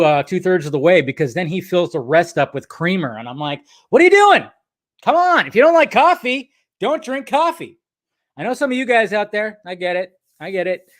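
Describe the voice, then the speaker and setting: Male film-news streamer, casual and profane, rambles through viewer comments; slightly high voice, dry close sound. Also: dry recording. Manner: rambling, loose and profane, talks straight to viewers.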